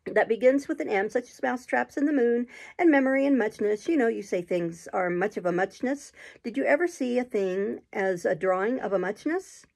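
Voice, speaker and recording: A woman voicing a sleepy, touchy little dormouse in a storybook reading, drowsy yet quick to take offence. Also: fairly high pitch, expressive, creaky, a little mellow. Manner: drowsy and indignant.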